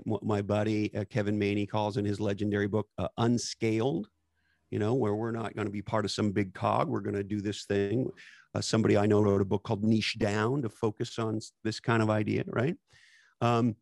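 A low-pitched man with a gravelly, creaky voice hosts a podcast conversation. He talks emphatically and bluntly, dropping casual profanity and catchphrases. The sound is dry and close. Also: darkish tone, no echo. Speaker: podcast host.

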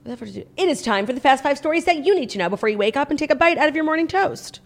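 A woman's voice: high-pitched, expressive, racing. A woman hosting a podcast in casual chat, rambling with lots of fillers. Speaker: podcast host.

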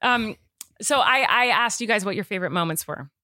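A woman's voice: mid-range voice, no room sound. Argumentative woman podcast host, dry sound. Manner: animated, argumentative, quick to insist. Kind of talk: casual chat.

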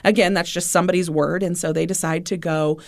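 A woman co-hosting a podcast, telling a true crime story in a casual, animated way and acting out what people said. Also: on the low side, fairly quick. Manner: animated retelling, acting out quotes. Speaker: podcast co-host.

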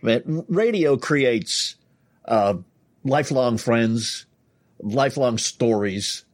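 A man's voice: mid-range voice, expressive, takes it slowly. Easygoing male radio host. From New York City. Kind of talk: casual interview.

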